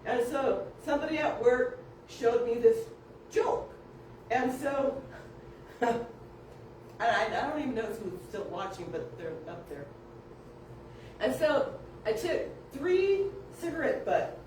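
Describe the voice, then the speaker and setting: A woman casually telling family stories, animated, acting out voices and laughing often. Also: on the high side, slow pace, pauses often, slight background noise. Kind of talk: casual storytelling. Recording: echoey room, distant mic.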